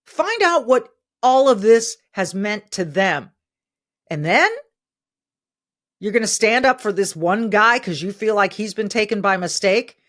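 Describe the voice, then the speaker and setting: A woman's voice: medium pitch, expressive, a little slow, fairly bright tone. A middle-aged woman hosting a podcast, delivering emphatic opinion commentary and repeating phrases for stress. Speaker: podcast host.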